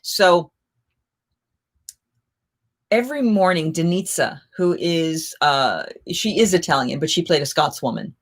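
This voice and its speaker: A middle-aged woman, a festival performer, hosting a live chat and telling lively anecdotes in a casual way, often getting suddenly louder. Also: sits low, unhurried, pauses often. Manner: animated, with sudden jumps in loudness.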